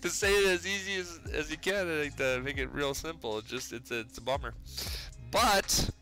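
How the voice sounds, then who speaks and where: A man's voice: on the high side, moderate pace, bright, forceful tone, soft background music. A man with a Minnesotan accent chatting casually while crafting rings in his garage workshop, laid-back and swearing often. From Minnesota, Twin Cities. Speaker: livestreamer making pipe rings.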